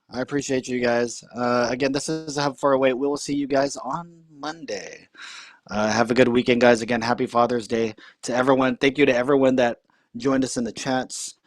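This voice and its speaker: A male podcast host tells a comic story in casual chat, rambling with plenty of fillers and restarts. His mid-range voice comes through clean studio sound with no echo.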